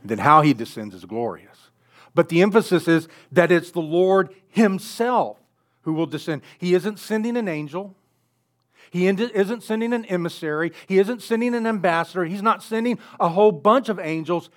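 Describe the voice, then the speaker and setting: Guy preaching a sermon, kinda high voice, gets big and loud on the key bits. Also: moderate pace. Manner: earnest preaching, swells loud on key phrases. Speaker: pastor.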